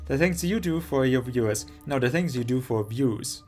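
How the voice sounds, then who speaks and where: A man's voice: medium pitch, moderate pace, darkish tone, faint music behind. A man playing a story game on stream, reacting casually with laughs and rambling asides.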